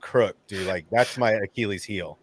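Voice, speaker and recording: A man hosting a casual group livestream chat, talking in an animated way and acting out his own nervous thoughts. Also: lowish voice, moderate pace. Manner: animated, acts out nervous inner voices. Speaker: channel host.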